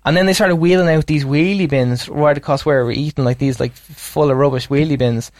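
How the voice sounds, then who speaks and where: A man's voice: on the high side, a little fast, a little mellow, dry recording, clean studio sound. A man co-hosting a podcast, telling rambling holiday anecdotes in casual chat and laughing often. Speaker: podcast co-host.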